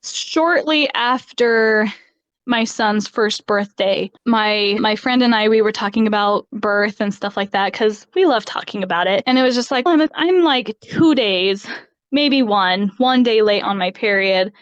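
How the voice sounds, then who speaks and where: A woman recounting her pregnancy experiences in an interview, candid and quick to laugh between phrases. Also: medium pitch, smooth, no room sound. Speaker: podcast guest. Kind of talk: personal story in an interview. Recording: slightly dull dry sound.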